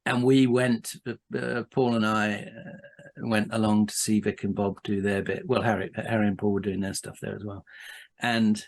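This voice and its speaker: A man's voice: fairly low pitch, level tone, moderate pace. Man telling a rambling anecdote. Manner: rambling, many restarts and asides, laughs while telling. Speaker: podcast guest. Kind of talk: casual anecdotal storytelling.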